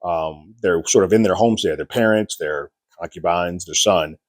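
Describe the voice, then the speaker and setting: A man giving a casual, chatty review of a TV episode, animated and laughing at what happened. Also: low voice, normal speed, dry recording, studio quality.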